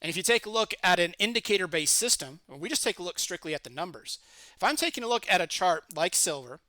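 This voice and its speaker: A middle-aged man walks through a trading lesson in a confident, steady voice, posing and answering his own questions. His voice sits high and bright. The mic is close and dry, with no room sound. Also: dry recording. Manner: confident, steady explanatory delivery with rhetorical questions. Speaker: trading educator. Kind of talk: screen-share market lesson.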